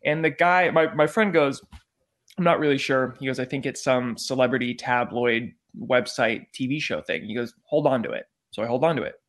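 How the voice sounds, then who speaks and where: A young man, a podcast guest, telling a story in an animated, profane way and acting out the quotes. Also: medium pitch, moderate pace. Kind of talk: casual storytelling.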